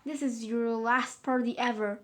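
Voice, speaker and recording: A woman's voice: fairly high pitch, slow. Woman reading as a stern, exasperated dad. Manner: stern, bossy announcing. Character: exasperated father running a kids' party.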